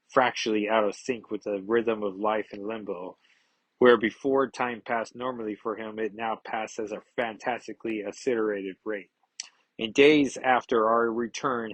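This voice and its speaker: A man reading aloud the lines of a grieving, angry woman superhero, with a husky voice. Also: fairly low pitch, no room sound, natural voice, rough recording.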